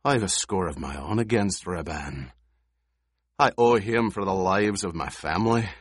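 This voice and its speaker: A man voicing a gruff, weary male warrior who speaks in tense, forceful outbursts in an audiobook. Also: low voice, a little slow, no room sound, clean studio sound. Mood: angry.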